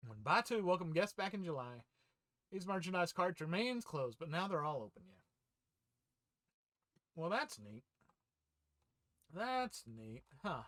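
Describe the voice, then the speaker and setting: A man with a fairly high, bright voice, recorded dry and close. He hosts a loose read-through of fan news, rambling between headlines with fillers and small chuckles. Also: sing-song, a little slow, pauses often, dry recording. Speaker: host of a fan news channel.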